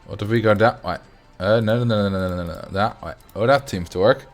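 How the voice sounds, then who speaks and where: Faint music sits behind this young streamer from the Netherlands, whose voice is fairly low and a bit fast. He chats casually as he builds in a game, often laughing and talking quietly to himself.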